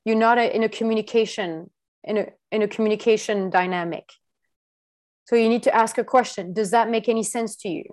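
A woman leads a live training exercise, pressing her student with short, direct instructions. She repeats herself to drive each point home. Her voice sits a little on the high side. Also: steady tone, a little fast, a little mellow. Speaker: coaching trainer. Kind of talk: live coaching of a practice session.

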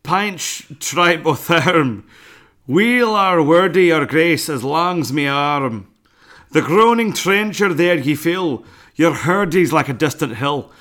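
A man putting on a loud, hammy mock-Scottish brogue to play a brash, swearing ogre for a comic bit. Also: fairly high pitch, expressive, slow pace, voice pushed up. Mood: hammy recital. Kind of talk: comic impression on a podcast.

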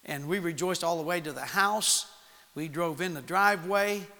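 A man preaching, telling a personal story to young people in an animated way and acting out the voices in it. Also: a little high, normal speed. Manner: animated storytelling with acted-out quotes. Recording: long hall reverb.

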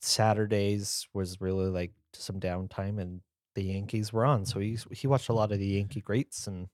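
A man with a fairly low voice co-hosts a casual podcast. He tells stories with eager energy and jumps into guessing games. The recording is dry and close. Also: fairly even intonation, normal speed, darkish tone, no echo. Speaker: podcast co-host. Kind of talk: casual chat.

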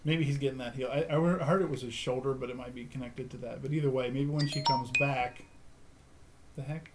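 Relaxed, jokey man, faint noise behind. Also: medium pitch, fairly quick. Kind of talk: casual chat.

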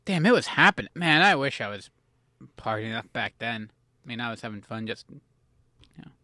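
A man's voice: mid-range voice, expressive, fairly quick, pushed and bright, no room sound. A man co-hosting a casual podcast, rambling and self-deprecating as he reminisces. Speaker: podcast co-host. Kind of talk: casual chat.

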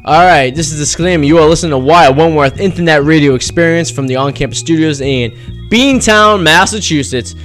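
On a studio mic in a campus studio, a young man hosts a college radio show, joking and rambling between clips in casual radio chat. His voice is fairly high in pitch and fairly bright in tone.

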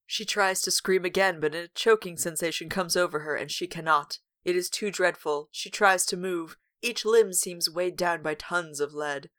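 Woman reading gothic horror aloud, lowish voice. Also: moderate pace, few pauses, a bit bright. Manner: dramatic read-aloud broken by wry asides.

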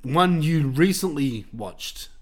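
A man's voice: fairly high pitch, expressive, takes it slowly. Casual man hosting a podcast. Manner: loose, swears freely, many fillers. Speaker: podcast host.

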